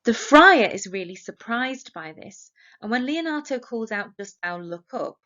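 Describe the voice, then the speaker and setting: A woman's voice: a little high, lively intonation, measured pace, sharp tone. A woman teacher with an English accent, annotating a play for exam revision and reading quoted lines aloud plainly. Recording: slightly dull lo-fi audio.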